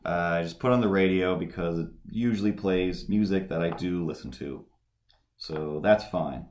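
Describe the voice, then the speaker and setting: A man with a low, deep voice chats casually while he draws on a live stream. He rambles, loses his thread, and circles back with filler words. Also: normal speed, darkish tone, slight background noise. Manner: rambling, full of fillers and restarts. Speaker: livestream host.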